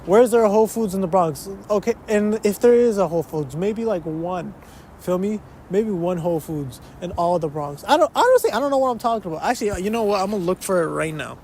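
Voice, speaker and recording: In a brisk, expressive, high-pitched voice with a darkish tone, a young podcast host talks solo from an uptown neighborhood in a big city. Against slight background noise, he rambles and interrupts himself, sprinkling in curses and moving between English and Spanish.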